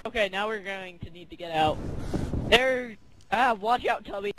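A man's voice: high-pitched, moderate pace. A man playing a co-op zombie game with a friend, rambling eagerly between bursts of game orders. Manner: eager, rambling, gives orders during play. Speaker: co-op gaming partner. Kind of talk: casual let's-play chat. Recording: loud game noise under the voice.

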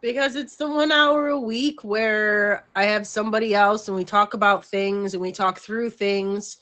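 A woman's voice: mid-range voice, fairly even intonation, moderate pace, bright, forceful tone. A middle-aged woman hosting a livestream show, talking in a frank, rambling, casual way and laughing easily. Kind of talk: casual chat.

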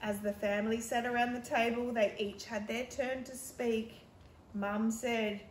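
A woman reads her handmade picture book to children in a gentle, explaining way. She speaks slowly, in a high voice. The sound echoes in a roomy space with faint ambience. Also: flat delivery, slight background noise. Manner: gentle, explaining to young kids. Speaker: teacher.

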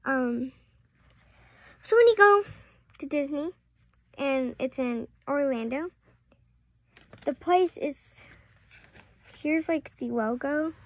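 A preteen girl, rambling through a casual vlog with many apologetic asides. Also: sits high. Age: around 11 or 12. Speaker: vlogger.

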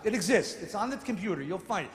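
A man giving a sermon-style lecture as a rabbi, telling stories and rising from quiet asides to shouted rebukes. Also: high voice, lively intonation, fast talker. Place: synagogue sanctuary. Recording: echoey hall with long reverb.

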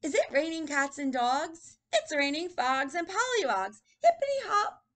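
A woman voicing an excited little boy who loves the rain in a storybook read-aloud, with a squealing, bouncy cheer. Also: sits high, unhurried, voice pushed up, full character voice. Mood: gleeful.

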